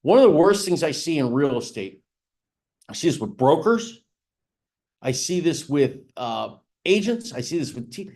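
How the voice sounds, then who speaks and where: An expressive man with a slightly high, darkish voice teaches a business planning seminar for real estate agents at normal speed. He keeps it conversational, frequently saying "right?" and "again." Key points get rising emphasis.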